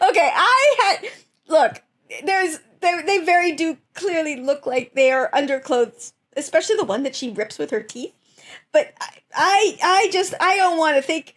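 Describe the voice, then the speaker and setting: A woman hosts a casual meme reaction, her voice sitting a touch high. She talks animatedly, giggling often as she goes. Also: animated, normal speed. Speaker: host reviewing fan memes.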